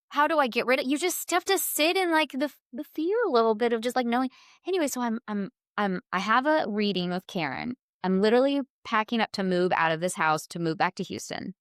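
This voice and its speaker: Woman podcast guest, storyteller, lively quoting voice, dry close mic. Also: no room sound. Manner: animated, voices quotes in a high excited pitch. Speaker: podcast guest, spiritual healer. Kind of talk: casual storytelling.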